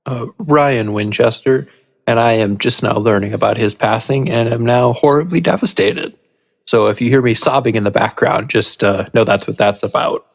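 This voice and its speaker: A man on a casual podcast with a flat, slow delivery. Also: medium pitch, creaky. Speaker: podcast co-host. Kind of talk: casual chat.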